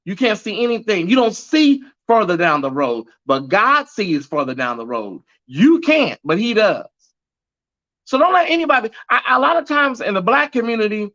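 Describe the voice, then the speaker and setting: A man with a high, bright voice hosts a live stream show and preaches to his viewers with sass, calling them girl and honey. He sounds a little nervous. The audio is muffled and lo-fi. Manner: sassy, sermon-like, calls viewers y'all, girl and honey. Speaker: host of a live pop culture show.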